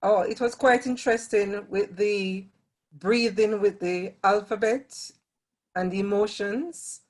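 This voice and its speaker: A woman's voice: medium pitch, slow. A woman in an acting class briefly and politely saying what she found interesting. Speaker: acting student. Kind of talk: sharing a takeaway in class.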